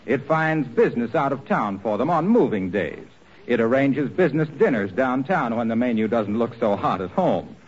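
A man announcing a radio comedy in a smooth, wry scripted delivery. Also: mid-range voice, animated, moderate pace. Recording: dull old radio broadcast.

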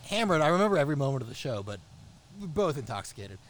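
A man's voice: mid-range voice, sing-song, very fast. Rambling man telling a story. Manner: rambling, laughing, lots of restarts. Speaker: podcast co-host. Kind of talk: casual chat, storytelling.

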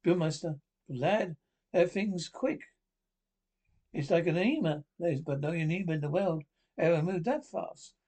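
A commanding mad scientist. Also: male voice, fairly high pitch, a little slow. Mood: intent. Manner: commanding, excitable. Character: obsessive domineering male scientist, middle-aged. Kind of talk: 1930s radio acting.

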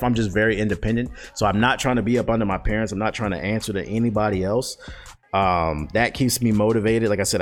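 A man in his twenties answering viewer questions in a loose, profane, slangy way with lots of fillers. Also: lowish voice. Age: 20s. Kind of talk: casual chat.

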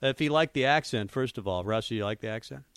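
A man's voice: mid-range voice, brisk, a bit bright, smooth, dry recording, clean studio sound. A man hosting a radio talk show, chatty and self-mocking, with lots of fillers. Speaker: radio sports talk host. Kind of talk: casual radio banter.

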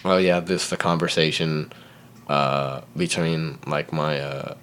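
A man's voice: very deep voice, steady tone, takes it slowly, a bit bright, slight background noise. A young man hosting a podcast, telling a long casual story full of fillers and acting out the voices of the people in it. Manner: rambling, full of fillers, acts out the voices in his stories. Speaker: podcast host.

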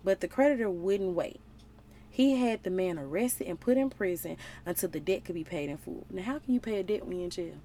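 Woman, young adult, mellow voice, playful slangy Bible study chat, faint background noise. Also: on the low side, animated, brisk. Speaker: relationship vlogger. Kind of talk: casual Bible study talk.

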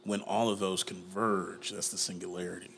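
A man co-hosting a podcast, talking casually and getting animated, with playful put-on voices. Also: deep voice, moderate pace, vocal fry, slight background noise. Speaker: podcast co-host. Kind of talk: casual chat.

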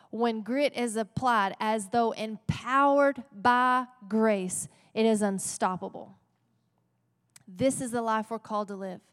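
Playful woman pastor in reverberant church. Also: fairly high pitch. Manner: playful, conversational, often asking "right?". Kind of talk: sermon. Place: church sanctuary.

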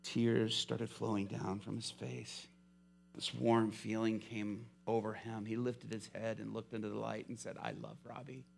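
A male pastor preaching a sermon, telling a story with lively swings from hushed to loud. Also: lowish voice, measured pace, creaky, slight background noise.

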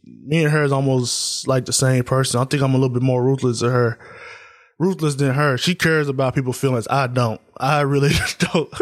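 Candid, subdued man hosting a solo podcast. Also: medium pitch. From Tennessee. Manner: loose and candid, many fillers like uh and man; subdued, reflective grieving tone. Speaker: podcast host. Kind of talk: solo casual podcast talk.

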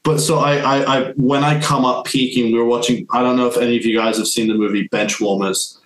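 A man's voice: medium pitch, fairly even intonation, fairly quick. A young man, a podcast guest, telling a long story in casual chat, rambling with many fillers. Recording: echoey room, faint music.

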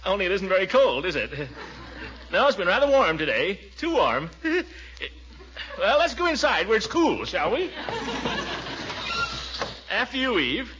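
An actor playing a pompous, blustering middle-aged uncle in a 1940s radio comedy, with nervous chuckles. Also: male voice, high-pitched, sing-song, measured pace, long pauses, sharp tone, exaggerated voice. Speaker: regular lead. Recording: dull lo-fi old radio recording.

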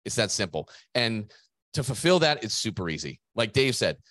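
A man's voice: on the low side, big pitch swings, normal speed, a bit bright, no room sound, clean studio sound. A middle-aged man co-hosting a business podcast, talking in an emphatic, motivational way and swearing casually. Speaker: podcast co-host, gym business coach.

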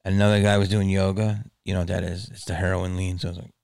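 A man hosting his own podcast, rambling in a casual, profane monologue that swings from mumbles to loud outbursts. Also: low voice, level tone, fast, vocal fry, clear, resonant tone, no echo, studio quality. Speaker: podcast host.

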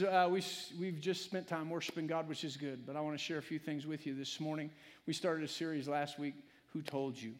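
A man preaching a sermon as pastor in a church, emotional and swelling from soft talk to loud preaching. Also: on the high side, fairly even intonation, brisk. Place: church sanctuary. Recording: long hall reverb.

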